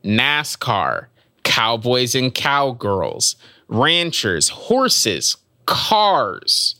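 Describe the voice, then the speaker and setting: A man rambles through a story on a casual comedy podcast, hesitating with frequent ums. His voice is bright and pressed, recorded dry and close. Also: mid-range voice, very animated, drawn-out words, no echo. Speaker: podcast co-host. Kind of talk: casual chat.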